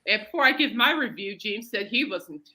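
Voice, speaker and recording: A talkative woman hosts a casual podcast, wandering from story to story. Her voice is bright and forceful, sitting at a middle pitch for a woman. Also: lively intonation, brisk. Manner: rambling, chatty storyteller. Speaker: podcast host. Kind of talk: casual chat.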